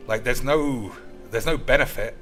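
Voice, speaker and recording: A man's voice: mid-range voice, moderate pace, fairly bright tone, soft background music. A man giving casual, crude, rambling commentary while streaming a card game, swearing freely and calling his viewers boys.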